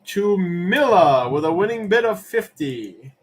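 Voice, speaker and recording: A man's voice: high-pitched, measured pace, breathy edge. Laid-back man hosting a live auction. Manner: relaxed and rambling, answers chat questions between auction calls. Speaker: livestream auction host. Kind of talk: casual live-stream chat.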